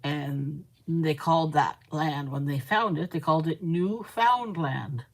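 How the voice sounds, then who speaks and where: Over a rough recording, a deep-voiced woman from Canada talks unhurriedly on her live stream as she crafts. She reads viewers' comments out loud and chats with them in a rambling, casual way.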